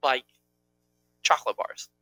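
A young man chatting casually as co-host, rambling and playful as he jumps between topics. His voice is bright and forward, and the sound is close and dry with no room in it. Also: a little slow, no echo, rough recording. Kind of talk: casual chat.

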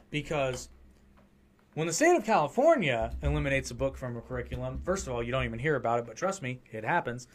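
A man hosting a podcast, ranting heatedly and with a lot of profanity during a casual political chat. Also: mid-range voice. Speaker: podcast host.

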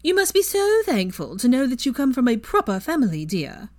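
A woman voicing a bossy, teasing young witch, raised in pitch, in a fan fiction reading. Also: big pitch swings, no room sound. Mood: mock-sweet. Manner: brisk, commanding, mock-sweet when acting posh.

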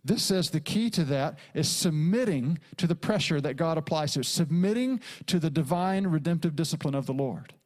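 A man's voice: on the high side, lively intonation, moderate pace, hardly any pauses, a little mellow. Emphatic male pastor preaching a sermon. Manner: preaching with emphatic repetition and dramatic quoted asides.

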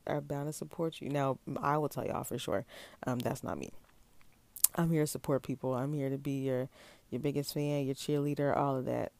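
Mellow, gravelly-voiced man chatting solo. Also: on the high side, no echo. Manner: chatty, rambling, addresses listeners as y'all. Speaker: podcast host. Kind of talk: casual solo podcast monologue.

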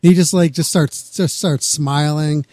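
A man hosting a casual interview, with a fairly high voice. He reacts with enthusiasm and keeps up frequent interjections. His voice is recorded dry and close. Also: fairly even intonation, a little slow, a little mellow, dry recording. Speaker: host.

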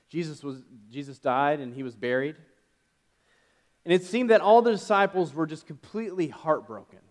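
A man preaching a sermon as pastor, retelling a story casually with fillers and self-corrections. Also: a little high. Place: church.

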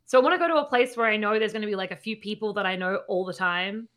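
A woman's voice: medium pitch, racing, a bit bright. A woman in her thirties chatting casually on a podcast, blunt and sweary, with lots of fillers. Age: 30s. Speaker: podcast co-host.

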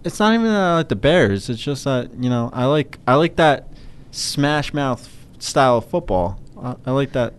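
A man co-hosting a casual sports podcast, talking in halting starts and restarts. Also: mid-range voice, lively intonation, clean tone. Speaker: podcast co-host.

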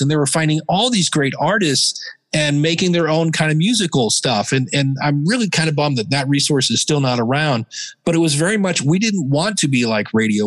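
A man, a podcaster being interviewed, chatting casually and telling animated stories with bits of mimicry. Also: on the high side, long reverb tail, rough recording. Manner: animated storyteller, jumps into mimicry. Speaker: podcaster guest.

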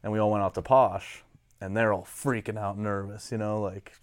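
A man's voice: fairly low pitch, fairly even intonation, moderate pace, no room sound. A middle-aged man in casual chat, laid-back, swearing and laughing as he tells stories. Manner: laid-back, swears, laughs often, quotes people in character. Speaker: guest.

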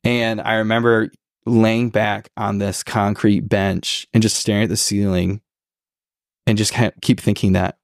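A man in his twenties, a podcast guest telling a personal story in a relaxed, reflective way, with many filler words. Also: fairly low pitch, unhurried, gravelly, dry recording, clean studio sound. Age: 20s. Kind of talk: casual storytelling conversation.

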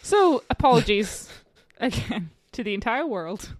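A woman's voice: a little high, sing-song, a little slow, no room sound. A woman co-hosting a podcast in casual chat, giggly and self-deprecating. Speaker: podcast co-host.

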